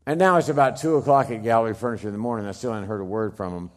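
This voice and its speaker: A middle-aged man giving a dramatic storytelling speech, emphatic, swinging from loud bursts to hushed low lines. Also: very fast, hardly any pauses. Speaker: speaker telling a personal story.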